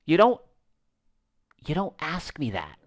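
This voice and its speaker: A man giving casual gaming commentary, animated and slangy, swearing and talking to his viewers. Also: a little high, slow. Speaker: gaming streamer.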